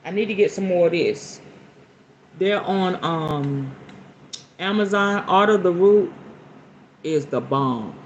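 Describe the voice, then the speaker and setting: A woman's voice: fairly low pitch, expressive, slow pace, pauses often, dull audio, slight background noise. A middle-aged woman hosting a casual live stream about spiritual practice. She jokes bawdily, laughs often and chats with viewers by name. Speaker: spiritual practitioner and show host.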